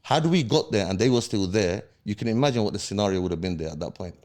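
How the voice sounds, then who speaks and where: A man's voice: lowish voice, expressive, quick pace, a little mellow. A man, a podcast guest heatedly retelling events in street slang and checking in with "yeah?" after each point. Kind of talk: casual storytelling interview.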